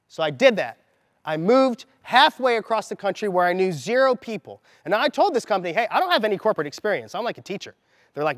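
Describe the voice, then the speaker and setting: A man in his thirties speaks as a motivational mindset coach to a gathered group, his voice sitting in a noticeably high register. He tells the story with energy and acts out the lines he quotes. The sound is close and dry up front, with a long reverb from the large hall trailing behind. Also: sing-song, fairly quick, fairly bright tone.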